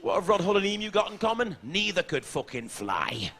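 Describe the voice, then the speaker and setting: A man's voice: high-pitched, very animated, a little fast, fairly bright tone, slight background noise. A man with a Scouse accent doing crude, brash stand-up comedy on a theatre stage. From Liverpool, England. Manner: brash, crude, swearing punchlines.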